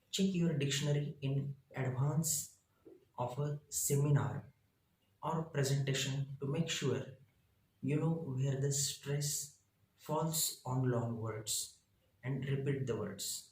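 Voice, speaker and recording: A man, a teacher reading his lesson out slowly in short, halting phrases. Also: mid-range voice, darkish tone, roomy sound, a little hiss or hum, low-quality recording. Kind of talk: reading lesson slides aloud.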